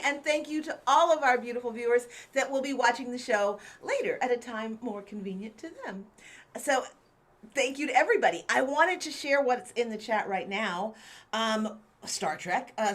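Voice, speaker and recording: A woman's voice: fairly high pitch, moderate pace, fairly bright tone. A woman co-hosting an improv comedy show, bubbly and sociable as she chats with the audience. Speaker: improv host.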